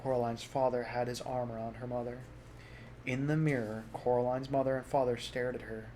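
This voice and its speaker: A man narrating a storybook aloud in a soft, measured reading voice. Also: mid-range voice, level tone, slight background noise. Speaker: audiobook reader.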